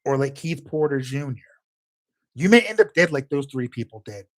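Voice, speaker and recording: A man's voice: medium pitch, lively intonation, moderate pace. A man delivering a heated, profane political rant as a commentator, emphatic and angry throughout.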